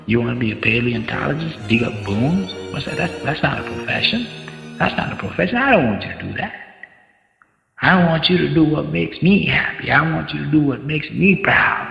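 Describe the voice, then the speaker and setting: A man's voice: fairly high pitch, gravelly, a bit bright, exaggerated voice. A man voicing a strict male schoolteacher who scolds and orders a boy around. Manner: bossy, scolding. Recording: echoey hall, dull sound, faint music.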